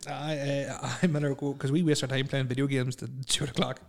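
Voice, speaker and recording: A man's voice: mid-range voice, flat delivery, a little fast. A man, chatting casually as a podcast co-host, rambling and self-mocking with lots of "like" fillers. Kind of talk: casual banter.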